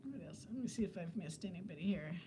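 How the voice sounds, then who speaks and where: A woman's voice: on the low side, animated, fast, dark tone, slight background noise. A woman in her fifties who is a weight-loss vlogger, chatting casually with viewers on a livestream in a rambling way and laughing often. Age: 50s.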